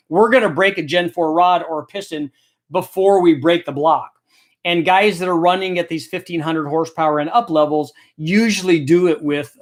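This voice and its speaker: A middle-aged man hosting a casual Q&A, explaining engine tech in a relaxed, thinking-aloud way. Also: fairly high pitch. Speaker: host answering viewer questions. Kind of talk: casual technical Q&A chat.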